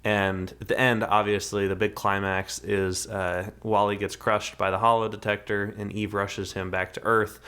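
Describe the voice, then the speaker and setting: A man's voice: fairly low pitch, flat delivery, normal speed, few pauses, bright, forceful tone, clear, resonant tone. A man co-hosting a podcast, chatting casually and rambling through a movie review, often restarting his sentences. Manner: rambling, restarts, acts out characters' lines. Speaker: podcast co-host.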